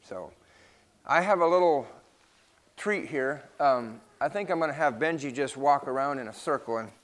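A man reading a moral story aloud to children in church, then giving a gentle lesson. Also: mid-range voice, lively intonation, normal speed, big-room sound.

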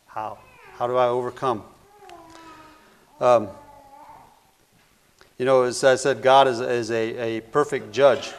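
A man preaching a sermon, earnest and repetitive, swinging between loud declarations and hushed phrases. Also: mid-range voice, steady tone, takes it slowly, long pauses, a little hiss or hum.

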